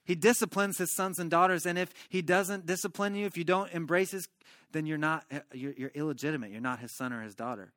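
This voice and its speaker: A man preaching a sermon as a pastor, telling a story in an animated way and tossing in "right?" asides. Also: on the high side, a little fast, dry recording, clean studio sound.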